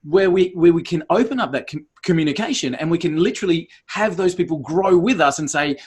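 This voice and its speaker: A man's voice: high-pitched, big pitch swings, brisk, hardly any pauses, slightly rough. A male podcast host thinking aloud and summing up his guest's points in a casual interview.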